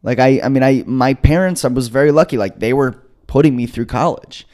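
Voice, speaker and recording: A young man in his twenties, a podcast co-host, telling a story casually, swearing and acting out quotes. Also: a little fast. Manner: animated, swearing, acts out quotes with jumps in pitch.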